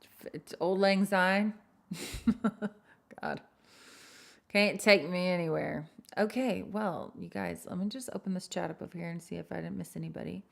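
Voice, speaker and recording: Woman songwriter hosting her own stream, lowish voice, greets fans by name, self-deprecating. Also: fairly even intonation, moderate pace, vocal fry. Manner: rambling and chatty, greets viewers by name; self-deprecating, laughs at herself. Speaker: singer-songwriter hosting a livestream. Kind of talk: casual livestream chat with viewers.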